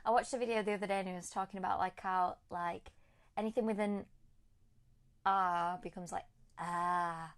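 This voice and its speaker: A woman's voice: medium pitch, steady tone, fairly quick, smooth. A chatty woman co-hosting a podcast, talking casually in a medium voice with frequent giggles and "like" fillers. She keeps the conversation loose and easygoing. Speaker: podcast co-host. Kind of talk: casual chat.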